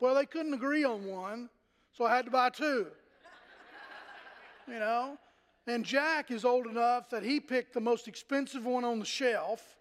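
High-voiced Southern pastor in a reverberant hall. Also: male voice, normal speed. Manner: folksy, rambling with many fillers and restarts. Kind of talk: sermon.

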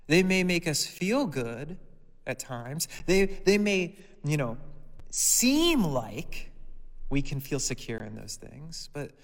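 Guy preaching a sermon, bit higher voice, long echo like a big hall. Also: sing-song, takes it slowly. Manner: reads scripture, then preaches with rhetorical questions.

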